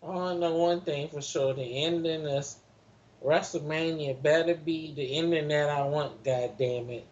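Man, slow talker, bright voice, dull lo-fi recording, grumbling chat. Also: on the high side, fairly even intonation, slight background noise. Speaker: podcast co-host. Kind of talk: casual group chat.

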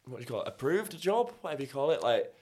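A man's voice: mid-range voice, very animated, very fast, a little mellow, husky. A young man hosting a podcast in casual chat, teasing his guest and laughing often. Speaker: podcast host.

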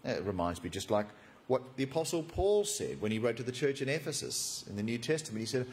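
A man preaching a sermon, animated and jokey, acting out the story. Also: mid-range voice, fairly quick, a little hiss or hum. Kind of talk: expository sermon.

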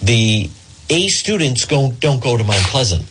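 A man's voice: medium pitch, sing-song, measured pace, background noise. A middle-aged man from Rhode Island hosting a talk radio show, telling a rambling, digressive story in a monologue.

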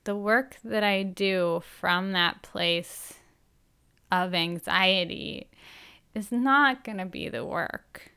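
This woman's bright, smooth voice sits at a medium pitch, with clear vocal fry creeping in as each phrase ends. She delivers a personal monologue slowly and gently, in a candid, self-reflective way.

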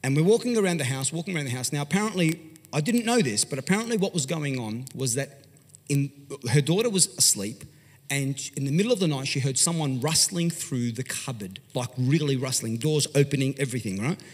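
An Australian pastor telling a story in an animated, conversational sermon, swinging from loud to hushed. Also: male voice, medium pitch, brisk, breathy edge. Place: large church hall. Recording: long hall reverb.

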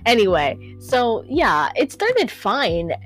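A woman's voice: a little high, wildly swooping pitch, slow pace, soft background music. A young woman hosting a casual solo podcast, rambling, stumbling over hard words and laughing at herself, on a home microphone. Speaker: podcast host.

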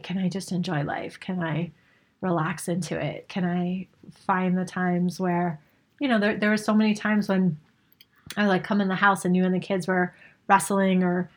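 A woman co-hosting a podcast, chatting in a reflective, thoughtful way with rambling phrases. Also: mid-range voice. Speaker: podcast co-host. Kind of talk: casual conversational podcast chat.

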